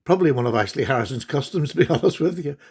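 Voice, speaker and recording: Chatty middle-aged man, slightly high voice. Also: lively intonation, rapid-fire, vocal fry, slightly rough. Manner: chatty, rambling, fond and enthusiastic. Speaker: host, knife collector. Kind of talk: casual vlog chat showing knives to camera.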